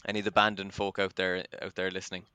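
A man's voice: sits low, monotone, fast, bright, forceful tone, clean tone, no room sound. An Irish man hosting a casual podcast chat, chatty and self-deprecating, with plenty of ums. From Ireland. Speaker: podcast host.

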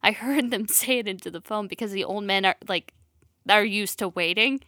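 A young woman chatting casually on a podcast, quick and laughing, full of "like". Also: medium pitch, bright, forceful tone, no room sound, clean studio sound. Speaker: podcast co-host, sibling of the storyteller. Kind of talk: casual chat.

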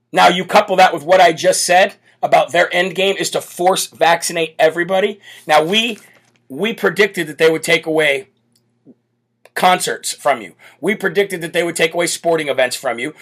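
A man's voice: fairly high pitch, a bit bright. A man hosting a live political commentary show, speaking in a brash, bold, emphatic way. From United States. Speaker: political talk show host.

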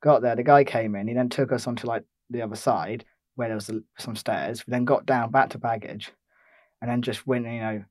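A man's voice: medium pitch, steady tone, brisk, darkish tone, no room sound. A young man from England telling a rambling holiday story in casual chat, with lots of fillers and restarts. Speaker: podcast co-host.

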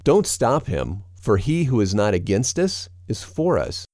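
A man voicing a calm, authoritative teacher, speaking in a measured and solemn way. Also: lowish voice, no echo, clean studio sound.

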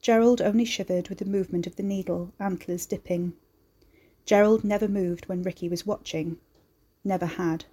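A woman reading scripted horror story narration in a measured, deliberate way. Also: mid-range voice, fairly even intonation, warm tone, breathy edge.

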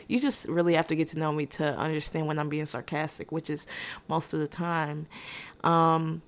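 Woman, podcast host, low-ish voice, dry sarcasm, unbothered, rambling story time. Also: little pitch movement, normal speed. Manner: rambling with restarts and asides. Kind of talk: casual storytime monologue.

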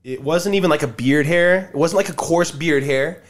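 A man's voice: on the high side, normal speed. A man telling a story in casual chat, acting out what people said, with a lot of swearing. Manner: animated, swears a lot, acts out quotes.

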